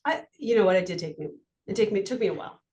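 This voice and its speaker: A woman's voice: mid-range voice, animated, a little mellow. A woman who works as a parking enforcement officer, talking candidly in an interview. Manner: candid, chatty, quick laughs. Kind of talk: conversational interview.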